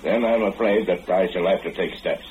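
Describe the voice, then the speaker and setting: A deep-voiced, stiff and formal gunman makes blunt threats, as a man acts him out. The old radio drama recording sounds dull and lo-fi. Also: normal speed, slight background noise, natural voice. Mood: menacing. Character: menacing tall fat gunman, blunt and stiff. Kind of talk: 1940s radio acting.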